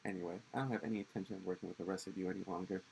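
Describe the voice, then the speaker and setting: A man voicing an arrogant, condescending young male heir while reading game dialogue aloud, in a low gravelly voice. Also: fairly even intonation, rapid-fire, darkish tone, slight background noise, low-quality recording. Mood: cold, haughty. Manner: haughty, dismissive.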